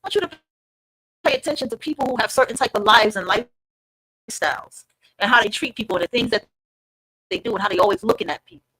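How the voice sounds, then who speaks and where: A woman's voice: fairly high pitch, expressive, fast talker, pauses often, a bit bright, breathy edge, no room sound, low-quality recording. A woman hosting an online podcast, talking casually and emphatically to her listeners and swearing freely. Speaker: podcast host. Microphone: streamed online podcast.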